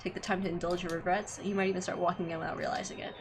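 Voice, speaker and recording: A woman's voice: on the low side, level tone, racing, background noise, natural voice. A woman voicing a blunt, tough young male gang leader who talks in a swaggering, condescending way. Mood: gruff.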